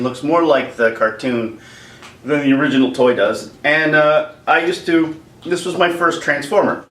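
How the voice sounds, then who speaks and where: A man from Canada rambles through a comic childhood story, his voice jumping all over the place. He talks a little high for a man, and the sound is roomy and distant, with a faint hum of ambience behind him. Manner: animated, rambling, jokey. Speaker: vlogger. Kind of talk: comedic storytelling vlog. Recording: roomy echo, distant mic.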